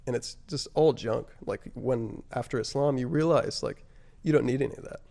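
A man telling his personal story as an interview guest, halting and reflective, often pausing on fillers and dropping his voice on emotional points. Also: mid-range voice, gravelly, a little mellow. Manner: halting and reflective, frequent "like" and "you know" fillers.

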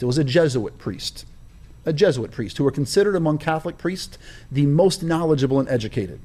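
Here a man's voice sits on the higher side, dark in tone, animated and slightly quick. As an interview guest sharing personal stories, he hammers key words in a sermon-like cadence.

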